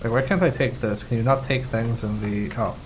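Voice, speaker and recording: A mid-pitched man narrates his own gameplay in loose, casual chat. He jokes, laughs a lot and swears offhandedly. A faint hiss sits under his voice. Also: fairly quick. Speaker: gamer playing co-op.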